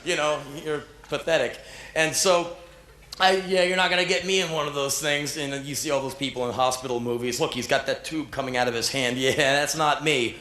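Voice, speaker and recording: A man in his thirties performing live spoken word, telling a story in an animated, profane, self-mocking way and acting out the voices of others. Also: mid-range voice, fairly quick, reverberant. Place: stage before a live audience.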